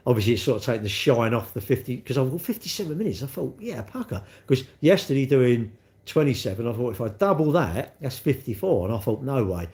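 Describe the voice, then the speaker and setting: His voice mid-range and a little mellow, the middle-aged livestream host chats casually from his phone, rambling and teasing viewers as he responds to their comments.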